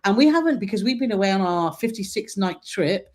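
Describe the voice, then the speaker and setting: A woman's voice: mid-range voice, lively intonation, fairly quick, darkish tone. Chatty woman. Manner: chatty, bubbly, laughs often. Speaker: co-host of a live travel stream. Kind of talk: casual live chat reading viewer comments.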